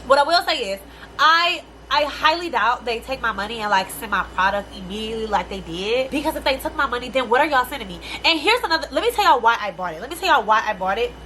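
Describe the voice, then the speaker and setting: Bright-voiced exasperated young woman vlogger. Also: a little high, quick pace, slight background noise. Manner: animated, exasperated, profane slang. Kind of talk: casual storytime rant.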